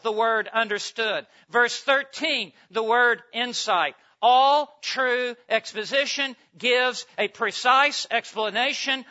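Bright, high-voiced emphatic male preacher. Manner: emphatic, repetitive cadence, swings from hushed to loud. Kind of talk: expository sermon. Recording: dull lo-fi recording.

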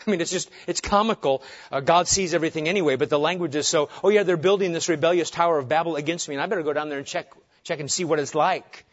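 Preacher guy, kinda high voice, goes loud then real quiet, muffled old recording. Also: fast. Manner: dramatic shifts between booming emphasis and hushed calm. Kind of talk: expository sermon. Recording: dull lo-fi sermon recording.

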